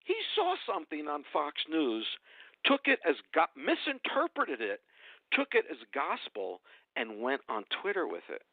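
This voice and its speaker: A man's voice: a little high, huge pitch swings, moderate pace, no room sound. Indignant man ranting over a phone line. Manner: indignant, emphatic, repeats phrases for effect. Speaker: radio guest commentator. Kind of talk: heated political rant. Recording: dry tinny phone line.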